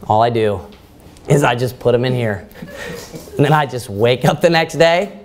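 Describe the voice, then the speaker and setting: A man preacher voicing a young man in a commercial who slyly explains his dishes-and-laundry trick, in a low, hushed tone. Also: expressive, moderate pace, slight background noise, lightly acted.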